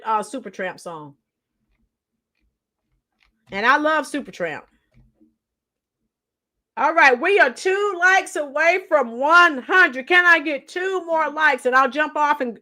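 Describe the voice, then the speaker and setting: A woman teacher hosting a casual livestream and greeting viewers by name. Her voice is hoarse because she lost it singing, and she chats in a rambling way and sometimes sings along to rock songs. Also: sits high, pushed and bright.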